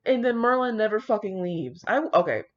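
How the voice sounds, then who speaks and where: A woman's voice: medium pitch, sing-song, moderate pace. A young woman reading fan fiction aloud and breaking off into giggly, profane, gushing asides, on a dull lo-fi home recording. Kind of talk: casual reading and reacting.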